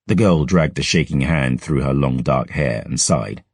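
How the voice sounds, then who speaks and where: Deep husky male audiobook narrator. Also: moderate pace, no echo, clean studio sound.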